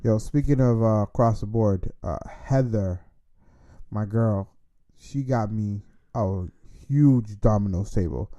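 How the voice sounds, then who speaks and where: A man's voice: lowish voice, takes it slowly, dark tone, muffled recording. A young man co-hosting a podcast, laid-back and slangy, with many hesitant fillers. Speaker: podcast co-host. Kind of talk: casual podcast chat.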